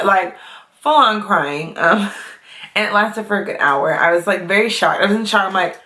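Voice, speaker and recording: A woman's voice: lowish voice, measured pace, pushed and bright. A young adult woman chatting casually to camera as a vlogger, full of fillers and laughs. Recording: echoey room.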